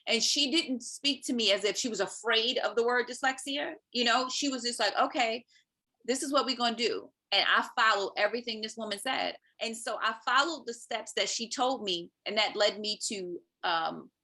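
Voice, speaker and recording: A woman guest on a podcast, telling a personal story in a lively way and checking in with the listener with "right?". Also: on the high side, moderate pace, few pauses. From Maryland, US. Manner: animated, acts out quoted speech, often adds "right?". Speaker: podcast guest, parent advocate.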